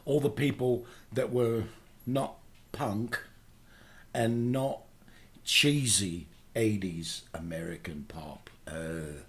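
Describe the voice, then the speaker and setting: A man with a lowish voice and slow pace plays a comic character: a boastful aging British punk singer, Liverpool accent and all, guest hosting a radio show. He hesitates and rambles with plenty of fillers, then launches into loud ranting.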